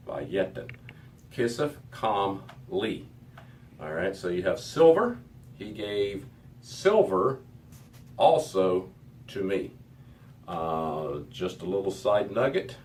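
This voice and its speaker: A man's voice: fairly low pitch, expressive, takes it slowly, pauses often. A middle-aged man teaching a Hebrew lesson to a class, methodical and repeating words as he goes. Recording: distant mic with faint background noise.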